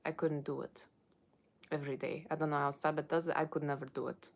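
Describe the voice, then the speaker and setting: A woman's voice: low voice, flat delivery, brisk. A woman voicing a brash, sassy fortune-teller with a put-on Russian accent, giving a blunt tarot reading with teasing asides to viewers. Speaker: tarot reader. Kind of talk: Halloween tarot reading in character.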